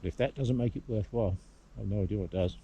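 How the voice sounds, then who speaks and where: A man's voice: on the low side, fast talker, dark tone, slight background noise. A man with an English accent musing aloud to the camera as he hikes on a hillside. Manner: rambling, musing aloud with many hums. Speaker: hiking vlogger. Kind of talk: casual outdoor vlog commentary. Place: outdoors on a hillside.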